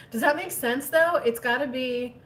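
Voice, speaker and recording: A woman hosting a casual livestream as a spiritual coach, reading viewer comments and answering in a chatty, animated way. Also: high-pitched, normal speed, far from the mic. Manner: chatty, animated, drops into whispers.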